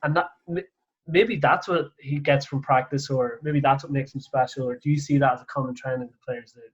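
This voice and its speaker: A man's voice: medium pitch, steady tone, brisk. A man hosting a casual coaching conversation, talking in a rambling way full of "like" and restarts. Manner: rambling, lots of "like" fillers and restarts. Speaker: host, golf coach. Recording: muffled lo-fi audio.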